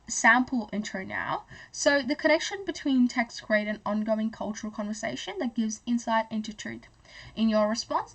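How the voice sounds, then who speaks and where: A young Australian woman tutoring high-school English, chatty and full of fillers and self-corrections. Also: fairly bright tone. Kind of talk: explanatory tutoring lesson.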